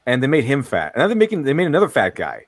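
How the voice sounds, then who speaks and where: Lively, rambling man on a stream. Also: mid-range voice, rapid-fire, dry recording, clean studio sound. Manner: rambling, laughs often, stumbles over words. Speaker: stream co-host. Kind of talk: casual chat.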